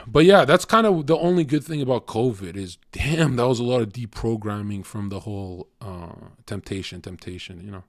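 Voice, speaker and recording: A man's voice: mid-range voice, animated, moderate pace, no echo, studio quality. A man streaming live, ranting bluntly and profanely at his chat in a confrontational way. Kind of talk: casual rant to a live chat.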